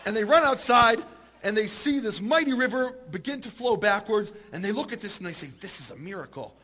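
High-pitched guy telling a story in a sermon, gets animated at the big moments. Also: normal speed. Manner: animated, rising voice at climaxes. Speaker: speaker.

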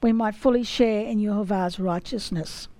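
A woman giving a sermon, reading scripture in a slow, measured way. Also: mid-range voice, mellow, no room sound, poor audio. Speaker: teacher of scripture.

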